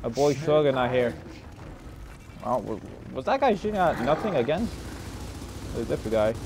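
A young man giving live commentary over his own gameplay, grumbling, swearing at teammates and putting himself down, with mumbled asides that break into sudden shouts. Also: mid-range voice, very animated, moderate pace, background noise. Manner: frustrated, self-deprecating, swears and mutters at teammates. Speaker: gaming YouTuber.

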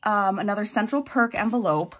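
A woman's voice: medium pitch, fairly quick, fairly bright tone. A woman vlogger chatting casually as she unboxes mail, effusive and chatty with frequent exclamations. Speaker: budgeting vlogger.

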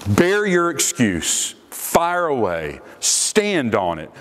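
A man's voice: medium pitch, wildly swooping pitch, takes it slowly, fairly bright tone, full character voice. A man playing a commanding angel. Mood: challenging. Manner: bold, challenging. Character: commanding male angel, unshakable and proud.

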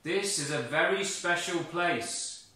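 Heard from a distance in a very echoey room, the voice of God is commanding yet kindly, declaiming loud and firm with a bright, forceful edge, as a man reads the story aloud. He speaks slowly and with great authority. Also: on the high side, voice pushed up.

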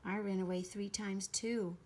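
A woman reading aloud, voicing a young boy who speaks sadly and quietly in a children's storybook. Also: mid-range voice, fairly even intonation, unhurried, lightly acted. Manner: sad and quiet.

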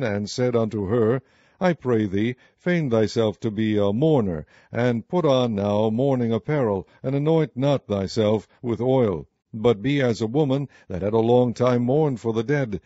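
A man reads old scripture aloud at a steady, measured pace. His voice is dark and mellow. The recording is dry and a little muffled. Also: medium pitch, no echo. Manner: steady, measured King James reading. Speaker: audiobook narrator.

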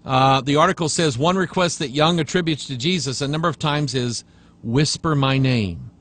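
A male pastor preaching a sermon, reading passages aloud and rebutting them with emphasis, sometimes dropping to a low hush.

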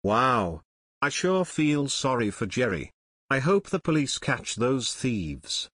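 A man's voice: medium pitch, very animated, takes it slowly, a bit bright, no echo, full character voice. Man voicing a teen boy, pompous, earnest, dry close sound. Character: teenage boy, hearty eater turned solemn vegetarian.

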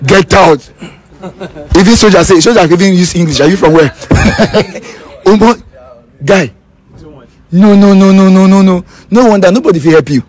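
A man's voice: high-pitched, moderate pace, a little mellow. A Nigerian man hosting a casual vlog, joking and teasing, slipping into Pidgin. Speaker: vlogger.

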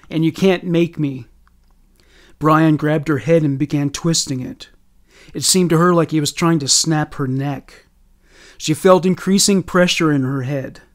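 A man narrating a true story in a steady, measured way. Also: on the high side. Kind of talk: scripted narration.

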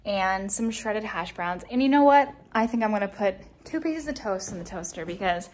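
A woman's voice: medium pitch, normal speed. A young woman in her twenties, a law student and vlogger, talking to camera in a chatty, playfully dramatic way. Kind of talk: casual vlog chat to camera.

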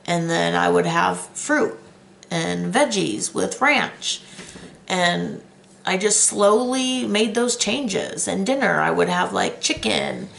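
A woman's voice: on the low side, expressive, slow pace, vocal fry, fairly bright tone, slight background noise. A middle-aged woman telling her own story in a chatty vlog, candid and emotional. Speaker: weight loss vlogger.

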